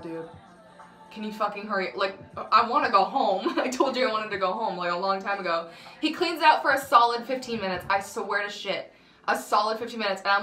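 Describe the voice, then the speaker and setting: A young woman with a bright, sharp voice tells a dramatic storytime, swearing freely and breaking into laughter. The sound carries a roomy echo. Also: medium pitch. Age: young adult. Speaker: vlogger. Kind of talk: casual storytime vlog.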